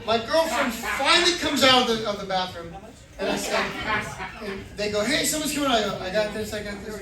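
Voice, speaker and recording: A middle-aged man from Florida doing an animated stand-up set, acting out voices and shouting punchlines. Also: high voice, moderate pace. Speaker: stand-up comedian. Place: comedy club stage. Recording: echoey club recording from far off, crowd laughter. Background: audience laughter.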